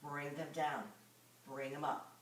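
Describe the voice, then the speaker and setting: A woman's voice: sits low, level tone, slow pace. A woman fitness instructor leading a live exercise class, coaching moves and counting reps aloud. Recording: echoey room, mic far off.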